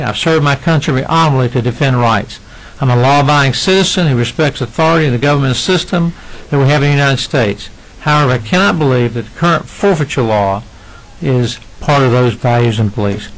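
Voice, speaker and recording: A middle-aged man reading prepared testimony to a legislative committee, earnest and emotional, with halting restarts. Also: on the high side, low-quality recording. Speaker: citizen witness at a legislative hearing.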